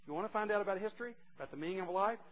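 A man preaching a sermon, emphatic and teasing, swinging from quiet asides to loud declarations. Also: high voice, racing. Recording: dull lo-fi recording with faint noise.

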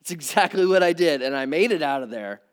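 A middle-aged man preaching a conversational sermon, swinging from emphatic peaks to quiet asides. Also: fairly high pitch, animated, fast, clean tone. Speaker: pastor. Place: church hall with audience.

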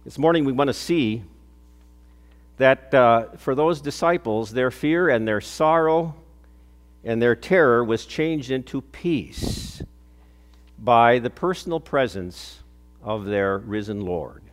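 An older male pastor preaching a sermon, telling stories earnestly, building up on key points and dropping soft on others. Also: mid-range voice, expressive, takes it slowly, clear, resonant tone. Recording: long hall reverb.

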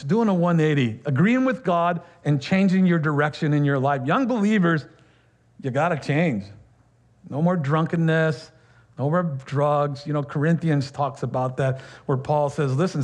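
Male pastor, conversational sermon delivery, animated and chatty, slightly high pitch. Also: measured pace. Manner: conversational and animated, with laughter and many fillers.

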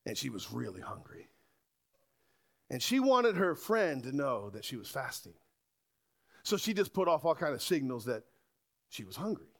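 A man preaching a sermon to a congregation, animated and asking rhetorical questions. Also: mid-range voice. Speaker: pastor.

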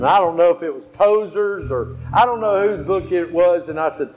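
A male pastor with a high-pitched voice preaches at normal speed, telling stories and repeating phrases for emphasis. The recording sounds slightly dull, with a faint guitar in the background.

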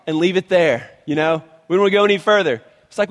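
High-voiced pastor preaching in a reverberant hall. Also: male voice, fast, hardly any pauses. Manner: animated, conversational preaching with many restarts. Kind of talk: sermon.

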